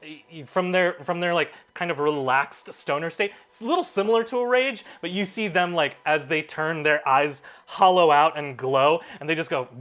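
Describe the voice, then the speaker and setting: A man narrating as game master of a tabletop game, halting and full of fillers, laughing often. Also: a little high, fairly bright tone.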